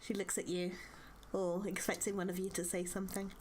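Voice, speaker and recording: A woman narrating a tabletop game as game master, in slow descriptive narration. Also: mid-range voice, flat delivery, a little mellow, a little hiss or hum.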